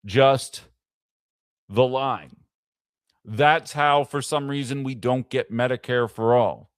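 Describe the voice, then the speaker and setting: A man's voice: medium pitch, slow pace, smooth, dry recording, studio quality. Impassioned man hosting political commentary. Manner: impassioned, fires off rhetorical questions. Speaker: host of a political commentary show. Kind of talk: live-streamed political commentary.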